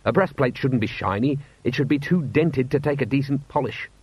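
A man's voice: mid-range voice, normal speed, slightly rough, voice pushed up, lightly acted. A man voicing a weary watch commander with dry, glum wit. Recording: dull, slightly lo-fi.

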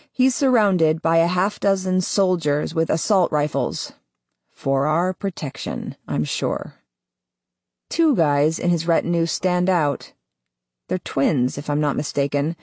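A woman narrating a first-person audiobook in a measured, tense way. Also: fairly low pitch, darkish tone, no echo.

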